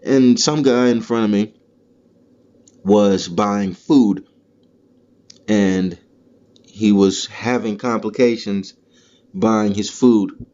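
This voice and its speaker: A man's voice: fairly low pitch, slow, pauses often, mellow. A man hosting a podcast, delivering a heated, profane, rambling comedic rant. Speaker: podcast host. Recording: dull lo-fi recording.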